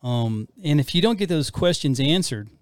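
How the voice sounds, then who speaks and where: A man's voice: fairly high pitch, animated, normal speed, dry recording. Rambling middle-aged man on dry mic. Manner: rambling, self-deprecating, with frequent restarts and fillers. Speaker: podcast co-host. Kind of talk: casual faith-based marriage talk.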